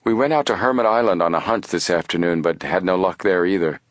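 A man's voice: deep voice, fast, no room sound, natural voice. A man doing a level-headed teenage sleuth. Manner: earnest, reasoning. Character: level-headed teenage boy detective, reasoning.

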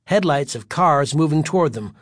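A man narrating a chapter of a story in an even storytelling voice. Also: fairly high pitch, normal speed, dry recording, clean studio sound. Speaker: audiobook narrator. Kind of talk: scripted narration.

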